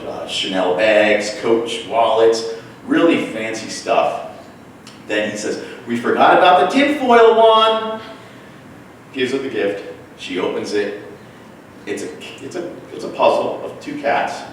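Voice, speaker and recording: A man telling a personal story on stage at a storytelling class, wry and animated, mimicking voices for punchlines. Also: lowish voice, unhurried, slight background noise. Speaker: storyteller at a live class show. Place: small theater with an audience. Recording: echoey room recorded from far off.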